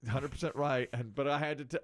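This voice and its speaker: A man's voice: mid-range voice, steady tone, fast, a little hiss or hum. A man, a radio morning show host telling stories in casual banter and laughing at himself often, on a studio mic. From North Carolina, USA.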